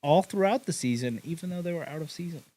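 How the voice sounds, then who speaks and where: A young man recounts a ghost story on a casual podcast. His delivery is relaxed and crude, full of swearing and "uh" and "like" fillers. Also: a little high, fast, rough recording. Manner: laid-back, swears a lot, hedges with "uh" and "like".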